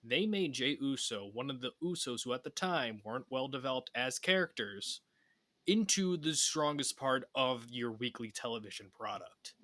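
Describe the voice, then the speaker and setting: A man who is a guest on a casual podcast, talking in a relaxed, rambling way with lots of filler words. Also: mid-range voice, normal speed, no room sound.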